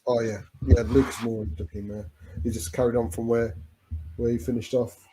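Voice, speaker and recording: A man's voice: mid-range voice, little pitch movement, moderate pace, warm tone. A man chatting casually as a fan co-host during a live football watch-along, rambling with restarts and calling his friend "mate".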